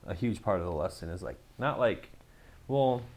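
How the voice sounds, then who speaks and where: A man's voice: sits low, animated, moderate pace, darkish tone. A man casually telling a story to camera, rambling with lots of fillers and swearing.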